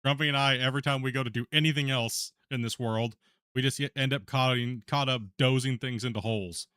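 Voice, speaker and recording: A man's voice: medium pitch, steady tone, fairly quick, pushed and bright, clear, resonant tone, no echo, clean studio sound. A man hosting a podcast stream in casual chat, talking to his live viewers and laughing easily as he goes. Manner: chatty, laughing, addresses viewers directly.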